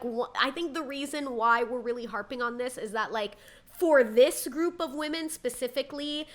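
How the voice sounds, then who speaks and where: A woman's voice: sits high, pushed and bright. A young woman hosting a reality TV recap, talking casually, opinionated and heated, often quoting people in mocking voices. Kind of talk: casual commentary vlog.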